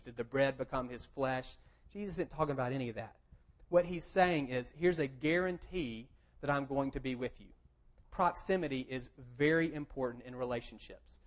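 A man preaching a sermon, explaining plainly and quoting scripture with emphasis. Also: fairly high pitch. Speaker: pastor.

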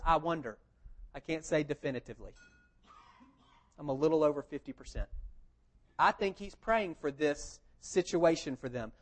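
A man preaching a sermon, telling the story in a lively conversational way and asking rhetorical questions. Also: a little high. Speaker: pastor. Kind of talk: expository sermon.

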